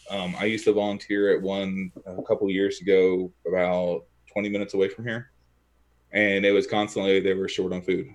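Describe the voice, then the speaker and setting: A man with a fairly low voice tells a rambling, animated story in casual conversation at home. He acts out the lines of everyone in it as he goes. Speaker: guest, e-liquid maker.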